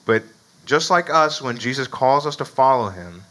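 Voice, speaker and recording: A man's voice: medium pitch, animated, moderate pace, pushed and bright, poor audio. A man preaching a sermon in a conversational way, often asking "right?" and chuckling between points. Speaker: pastor.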